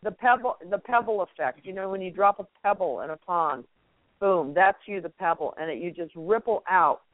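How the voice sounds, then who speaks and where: Animated and fairly low-pitched, she speaks at a moderate pace with no echo, her phone audio thin and tinny. As a guest host in an inspirational phone interview, she pours out spiritual encouragement.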